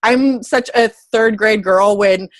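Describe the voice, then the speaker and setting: A woman's voice: medium pitch, slow, no room sound. A woman fitness coach giving her team a casual motivational talk, bubbly and chatty, often correcting herself mid-sentence. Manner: excitable, squeals when happy.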